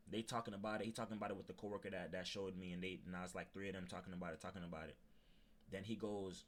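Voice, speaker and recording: A man's voice: deep voice, fairly even intonation, rapid-fire. A young male streamer with a Haitian Creole-tinged Florida accent, emotionally ranting on a livestream, repeating himself for emphasis and fighting back tears. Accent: Haitian Creole-influenced Floridian English. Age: young adult. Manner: repetitive, emphatic, slangy.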